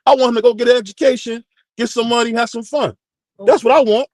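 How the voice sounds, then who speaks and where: A man's voice: extremely high pitch, steady tone, quick pace, darkish tone, no echo, studio quality. A middle-aged man arguing emphatically on a sports talk panel, repeating phrases to hold the floor. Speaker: panel guest. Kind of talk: heated sports talk debate.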